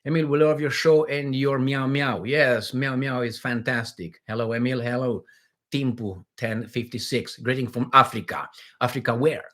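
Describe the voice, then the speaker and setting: A man's voice: mid-range voice, steady tone, moderate pace, a bit bright. A middle-aged man hosting a casual livestream, rambling and joking as he reads viewer comments aloud, with many fillers and restarts. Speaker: livestream host.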